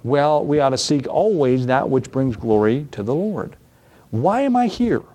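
Preaching at an evening church service, this man builds rhetorical questions that climb upward in pitch and drives his points home by repeating key phrases. He speaks at a measured pace with lively intonation and a dark tone.

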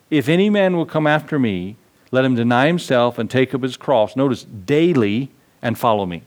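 Pastor, male, mid pitch. Sermon delivery with emphatic rises and low, earnest drops; quotes old-fashioned scripture. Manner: preaching with rising emphasis, swings from lifted to low, reflective; quotes scripture in King James wording.

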